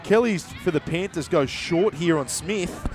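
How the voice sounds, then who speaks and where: A man giving live play-by-play commentary at a local rugby league game, quick and jokey with his co-commentator. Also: high voice, expressive. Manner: brisk, jokey banter with co-commentator. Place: outdoors at a local sports ground.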